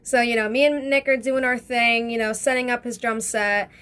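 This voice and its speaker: A young woman telling a casual storytime vlog in a chatty, excitable way, full of fillers and swearing. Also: a little high, normal speed, smooth. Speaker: vlogger.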